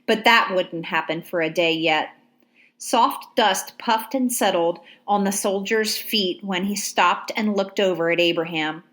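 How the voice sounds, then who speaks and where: Reading a novel aloud, this female narrator keeps an even, measured storytelling manner. Her voice sits in the mid range.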